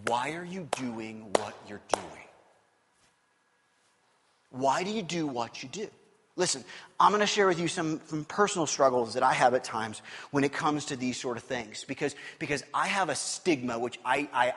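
A man's voice: mid-range voice, a bit bright, breathy edge. A male pastor preaching a sermon in a candid, conversational way, asking his listeners questions. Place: church sanctuary. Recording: long hall reverb.

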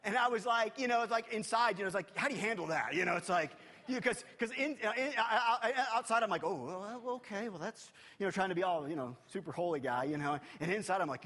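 Youth pastor guy preaching, high voice all over the place, big echoey hall. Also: a little fast. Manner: animated preaching, swinging from loud urgency to hushed intimacy. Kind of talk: sermon.

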